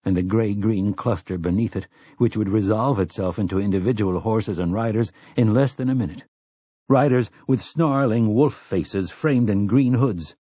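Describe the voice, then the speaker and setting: Low, husky male storyteller. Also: dark tone, no echo. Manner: measured storytelling. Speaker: audiobook narrator. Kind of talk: scripted narration.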